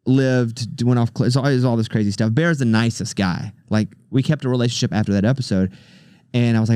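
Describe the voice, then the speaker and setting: A man's voice: medium pitch, a little fast, clear, resonant tone, no echo. Guy guesting on a podcast, telling funny stories, middle voice, dry close mic. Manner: animated storyteller who acts out the people he quotes. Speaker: podcast guest, radio host and comedian. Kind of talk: casual storytelling interview.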